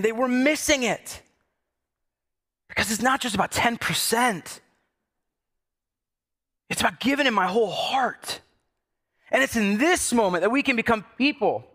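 A man's voice: very high-pitched, sharp tone. A man preaching a sermon as pastor, talking conversationally with the congregation and building to emphatic repeated lines.

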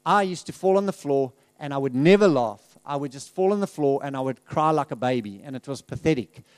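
A man's voice: mid-range voice, expressive, a little fast, a little mellow, dry recording. A middle-aged man giving a candid, conversational testimony as a guest speaker in a church, laughing often and restarting his sentences.

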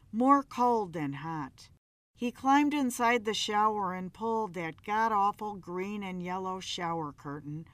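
A woman narrating a story in a measured, dramatic reading. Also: medium pitch, a bit bright, dry recording.

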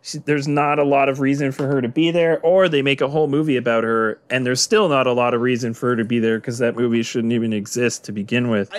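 A man's voice: mid-range voice, steady tone, fast talker, hardly any pauses. A man co-hosting a podcast, chatting casually about films, musing aloud and hedging with lots of "like" and "I feel like". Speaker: podcast co-host. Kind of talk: casual film discussion.

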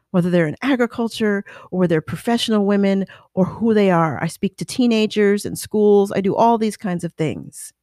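Animated woman telling her own story. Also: fairly low pitch, no room sound, studio quality. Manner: animated, acts out quoted voices, restless self-correcting. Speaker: business owner and motivational speaker. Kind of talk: personal storytelling talk.

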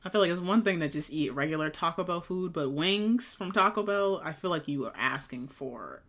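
A woman in her twenties from the United States co-hosting a podcast in relaxed, slangy, wry casual chat. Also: fairly low pitch, fairly quick. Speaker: podcast co-host.

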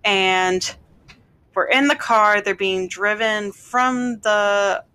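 A woman's voice: medium pitch, very slow, bright, forceful tone, clear, resonant tone. Blunt woman chatting casually. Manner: blunt, reads quotes aloud, exasperated asides. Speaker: co-host recapping a show. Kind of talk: casual chat.

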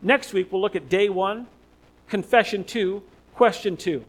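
Man, preacher, high-pitched voice, emphatic, repeats key phrases, sermon delivery. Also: measured pace, rough recording. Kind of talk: expository sermon.

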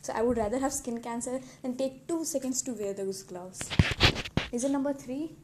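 With a warm, high voice at a moderate pace, a teenage vlogger delivers a casual monologue to the camera. She rambles, teases herself, and keeps breaking into giggles, over a faint background hiss.

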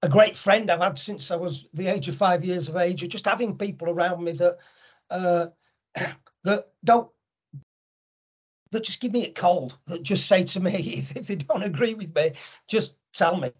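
A man's voice: high voice, moderate pace, husky. A middle-aged man talking candidly as a podcast guest, telling stories with lots of restarts. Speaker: podcast guest, angel network founder. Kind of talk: conversational storytelling.

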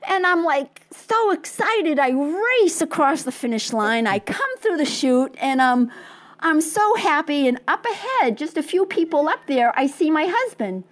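A woman's voice: high voice, sing-song, measured pace. A woman from Quincy, Massachusetts, telling a story as an interview guest, acting out dialogue and laughing often. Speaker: interview guest, marathon runner. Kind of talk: animated storytelling.

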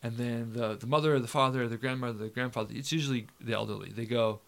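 A man hosting a podcast, chatting casually and telling an anecdote in an animated way, acting out the people in it. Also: medium pitch, rapid-fire, creaky. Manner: animated storyteller who acts out quotes. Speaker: podcast host. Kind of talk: casual chat.

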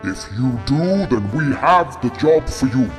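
A bold male announcer reading a job advert for a storybook tale, as a man puts him on. He lingers on every slow, drawn-out question, unhurried and inviting, with brass music behind him. His voice rings out in a long hall reverb. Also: medium pitch, animated.

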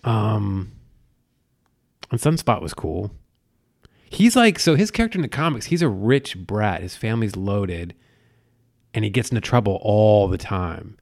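A man in his thirties co-hosting a casual chat, profane and animated as he tells stories. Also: fairly low pitch, measured pace, gravelly, pauses often.

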